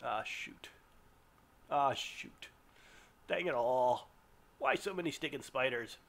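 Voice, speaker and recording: Excitable man doing game commentary. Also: medium pitch, slow pace, gravelly. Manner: excitable, yelps and groans at setbacks. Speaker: let's play gamer.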